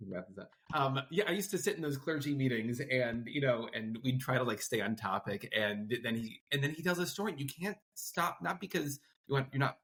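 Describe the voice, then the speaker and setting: A man's voice: medium pitch, fairly quick, few pauses, fairly bright tone. A man hosting an interview as a rabbi, reflecting on the story with enthusiasm. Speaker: host rabbi. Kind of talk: interview chat.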